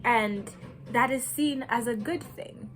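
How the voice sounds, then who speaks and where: Slow, earnest woman from Kenya. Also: fairly high pitch, soft background music, low-quality recording. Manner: earnest, deliberate, with nervous laughs. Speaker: vlogger. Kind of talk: personal reflective monologue.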